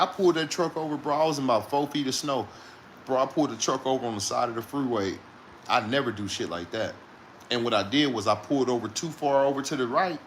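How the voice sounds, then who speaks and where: Man in casual chat, mid-pitched voice, cursing freely and chuckling through a long rambling road story. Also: fairly bright tone, a little hiss or hum. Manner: profane, rambling, laughing between lines. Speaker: truck driver telling a story.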